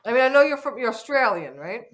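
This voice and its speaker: A woman's voice: on the high side, sing-song, fast, fairly bright tone, poor audio. A woman chatting playfully as a guest on an online panel. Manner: laughing, playful. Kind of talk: casual chat.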